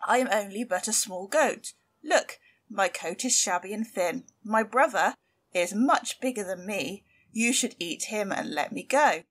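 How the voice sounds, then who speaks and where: A woman voicing a small, clever young male billy goat in a storybook reading, pitching up high and pleading. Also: animated, a little slow, fairly bright tone, slightly rough.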